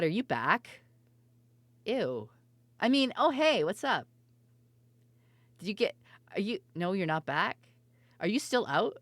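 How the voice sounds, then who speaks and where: A woman streamer chatting casually and loudly with her viewers, laughing often and swearing freely. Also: low-pitched, dry recording. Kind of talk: casual live-stream chat.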